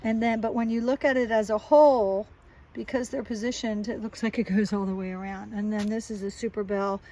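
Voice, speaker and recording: A woman's voice: mid-range voice, steady tone, brisk, warm tone, low-quality recording. Chatty woman touring her garden outdoors. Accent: South Jersey. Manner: chatty, enthusiastic, points things out as she walks. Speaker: gardener giving a garden tour. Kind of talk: casual walking garden tour.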